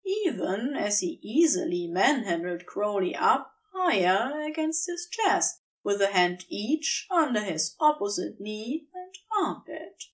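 Brief: female audiobook-style narrator, unhurried and animated in pitch. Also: far from the mic. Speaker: podfic reader. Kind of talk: scripted narration.

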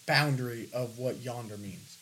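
A young man with a West Coast US accent, co-hosting a podcast in casual chat, animated and teasing, with lots of "like". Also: medium pitch, normal speed, poor audio. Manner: animated, filler-heavy, teasing. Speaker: podcast co-host.

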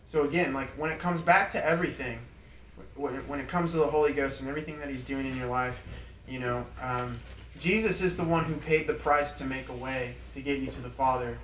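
A man leading a small group Bible study in an informal, animated way, repeating points for emphasis and laughing through his stories. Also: mid-range voice, brisk. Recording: roomy, distant mic with faint background noise.

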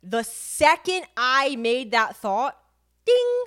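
A woman's voice: a little high, animated, a little fast, a bit bright. A woman in her twenties, a podcast co-host, talking candidly and telling a personal story with lots of fillers. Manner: chatty, filler-heavy, vivid storytelling. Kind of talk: candid casual chat.

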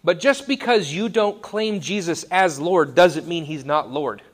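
A man's voice: on the high side, a little slow. A man in his thirties giving a conversational sermon, wry and self-deprecating. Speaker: pastor.

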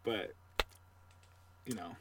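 Laid-back man telling animated stories, a bit off-mic. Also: extremely slow, distant mic, background noise. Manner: animated storyteller, trash-talking humor. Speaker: podcast co-host. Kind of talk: casual sports chat.

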